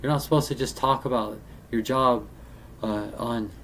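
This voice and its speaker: A man talks to camera in a loose, rambling way, pausing, repeating words and restarting his sentences. His pitch sits in an ordinary middle range. A faint hiss runs under the recording. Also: steady tone, fairly bright tone. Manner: halting, with many restarts and fillers. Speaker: vlogger. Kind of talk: casual rambling monologue. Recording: faint background noise.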